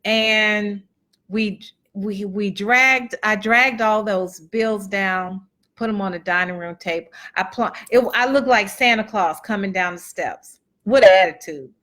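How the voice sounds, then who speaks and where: A woman's voice: medium pitch, a little slow, pushed and bright. A woman speaker telling a personal testimony to an audience in a chatty, folksy way, calling them y'all and acting out what people said. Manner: chatty and folksy, addresses the crowd as y'all and acts out dialogue. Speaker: motivational speaker and author.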